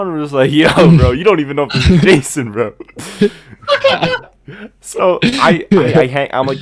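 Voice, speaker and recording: A man's voice: on the high side, moderate pace. A young man hosting a casual podcast, telling a story with lots of laughs and acted-out voices. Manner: animated storyteller, laughs often, acts out voices in quotes. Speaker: podcast host.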